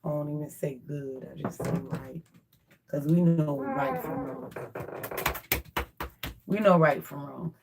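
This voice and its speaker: Slow, gravelly woman musing on a livestream. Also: sits low, fairly even intonation, heavy background noise. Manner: unhurried, musing, repeats her points. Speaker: livestream host. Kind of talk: casual reflective livestream talk.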